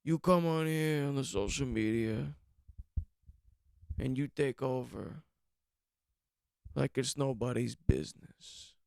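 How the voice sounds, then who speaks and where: A man's voice: mid-range voice, slow pace, vocal fry, long pauses, darkish tone, clean tone, dry recording, studio quality. A young man hosting a podcast in casual chat, rambling, repeating himself and swearing. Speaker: podcast host.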